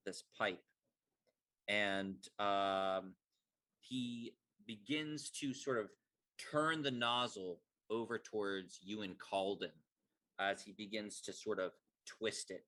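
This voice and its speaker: A man narrating as game master of a tabletop game, relaxed and halting, with many fillers. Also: fairly low pitch.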